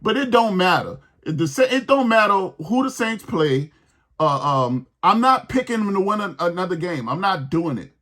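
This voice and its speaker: A man's voice: sits high, big pitch swings, normal speed, pushed and bright. A man hosting a sports podcast, ranting in a heated, exasperated way and repeating his points.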